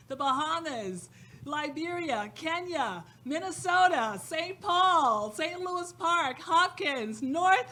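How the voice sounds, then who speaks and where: A woman with a high, sharp voice speaks over faint background noise. She founded a youth program and delivers an emphatic, inspiring fundraiser speech from an event stage before a live audience, repeating phrases for emphasis.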